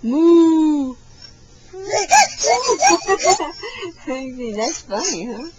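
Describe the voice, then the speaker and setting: A woman's voice: high-pitched, lively intonation, takes it slowly, very noisy. A mother in her thirties plays with her toddler at home, reading a picture book in a playful sing-song voice with animal noises and laughter, recorded on a camcorder. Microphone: built-in camcorder mic.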